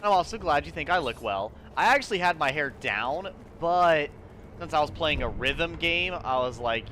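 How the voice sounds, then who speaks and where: A streamer talking in a casual, playful, rambling way while playing a game. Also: male voice, a little high, lively intonation, normal speed, sharp tone, slight background noise. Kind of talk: casual live-stream chat.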